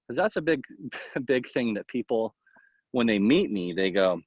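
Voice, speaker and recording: A man who is a baseball coach, talking casually in an interview and giving tips in a rambling, animated way full of fillers. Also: mid-range voice, unhurried, slightly rough, no echo. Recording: dull, lo-fi, dry sound.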